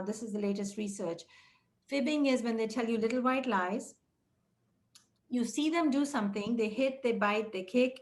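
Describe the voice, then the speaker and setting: Upbeat woman teaching a webinar. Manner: direct and encouraging, speaks to listeners as "you"; breaks into quoted dialogue with raised pitch. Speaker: childcare training presenter.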